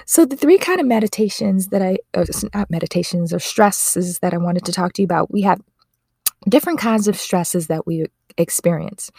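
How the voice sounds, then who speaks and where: A woman with a slightly low voice hosts her podcast in an earnest, heartfelt manner. She often stops to correct herself mid-sentence. The sound is dry and close. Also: darkish tone, dry recording. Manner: earnest, emotional, self-correcting. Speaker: podcast host. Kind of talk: casual podcast monologue.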